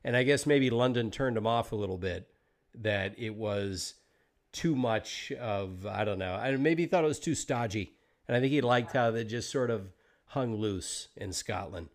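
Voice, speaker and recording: An American man hosting a podcast, interviewing a guest in a relaxed, conversational way with the odd swear word. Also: lowish voice, moderate pace. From United States. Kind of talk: casual interview chat.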